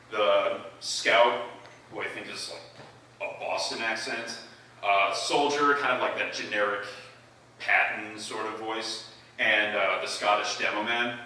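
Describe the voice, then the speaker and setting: A man's voice: fairly low pitch, sharp tone. Hesitant young man in an echoey hall. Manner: hesitant, filler-heavy. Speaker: open mic performer. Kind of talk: casual talk to an audience. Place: open mic event, indoor hall. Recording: echoey hall, mic far off.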